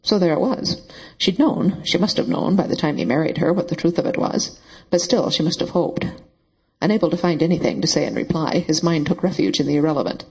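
A man narrating a novel in a steady, even storytelling voice. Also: fairly high pitch, a little fast, gravelly, husky, low-quality recording. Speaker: audiobook narrator. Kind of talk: scripted narration.

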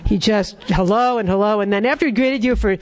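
A man's voice: sits high, fairly quick. A man reading his own humorous story aloud, then chatting about it in a wry, conversational way. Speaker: author.

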